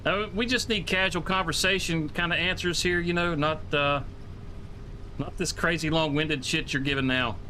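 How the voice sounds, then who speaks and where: A man streaming a farming game, chatting casually and excitably, rambling with swears and laughs. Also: on the high side, normal speed, a little hiss or hum.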